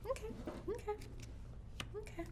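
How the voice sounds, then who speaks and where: A woman playing a board game with friends, thinking out loud about her moves, hesitating and restarting. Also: normal speed, a little hiss or hum. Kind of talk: casual play and chat.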